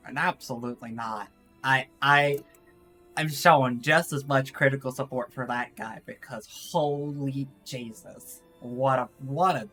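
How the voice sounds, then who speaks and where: This male VTuber streamer has a bright, forceful, mid-range voice. He rambles casually through his live stream in a put-on East Texas drawl, frequently laughing at his own remarks.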